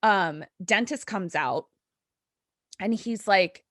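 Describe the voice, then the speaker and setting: A woman's voice: mid-range voice, takes it slowly, no echo, studio quality. A woman podcaster animatedly recapping a horror episode at a live event, salting it with profanity and constant "like"s.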